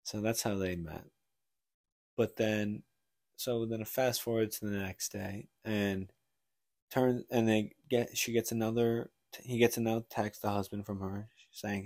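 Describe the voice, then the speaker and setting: A man's voice: fairly low pitch, fairly even intonation, measured pace, a little mellow, dry recording, clean studio sound. A man co-hosting a casual book podcast, rambling through a story retelling with lots of "like" and restarts. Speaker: podcast co-host.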